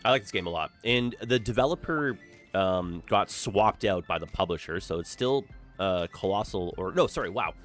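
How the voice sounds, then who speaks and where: A lowish male voice with lively, bouncing intonation, a young man chatting to his live-stream viewers while he builds a city. He talks casually and upbeat, peppering his talk with "like" and "eh?". Faint music plays behind him. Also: normal speed.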